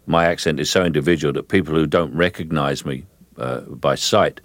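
An older man with a London Cockney-rooted accent, talking through a radio interview in an unhurried, halting way with many fillers. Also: very deep voice, no room sound. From England. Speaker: guest, film actor.

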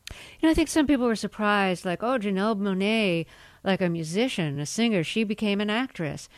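A woman radio interviewer asking a guest questions in a measured, thoughtful way. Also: mid-range voice, lively intonation, no room sound.

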